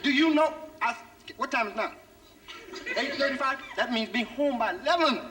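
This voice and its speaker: A man with a very high, light voice tells a stand-up story on stage and bursts into shouts as he acts out the people in it. He sounds far from the microphone. A loud wash of noise runs under the whole recording. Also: lively intonation, normal speed. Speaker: stand-up comedian. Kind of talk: stand-up comedy routine. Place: stage before a live audience.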